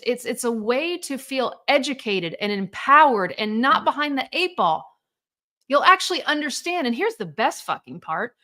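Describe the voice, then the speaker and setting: Woman, divorce coach, blunt and emphatic, bright slightly high voice. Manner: blunt, profane, emphatic, rhetorical questions. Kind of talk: motivational monologue.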